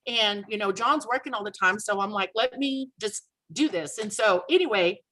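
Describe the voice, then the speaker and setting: A woman casually telling a personal story on a video call, animated and acting out the dialogue she quotes. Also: medium pitch, moderate pace, low-quality recording. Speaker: guest sharing a testimonial.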